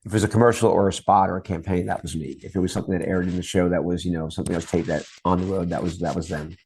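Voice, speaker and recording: A man's voice: deep voice, steady tone, rapid-fire, darkish tone, slight background noise. A middle-aged man, a guest on an interview show, telling long stories about his work in TV promos in a casual chat style. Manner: long anecdotes, acts out quoted voices.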